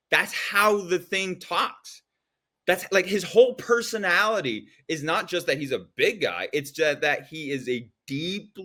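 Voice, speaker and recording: A man's voice: on the high side, sharp tone. A man hosting a podcast chat, ranting heatedly about a film's casting. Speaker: podcast host. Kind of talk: casual chat.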